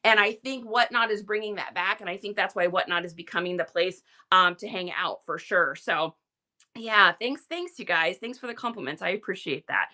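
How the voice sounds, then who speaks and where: A middle-aged livestream reseller host chats casually at normal speed, energetic and prone to enthusiastic tangents. Her medium-pitched voice sounds pushed and bright.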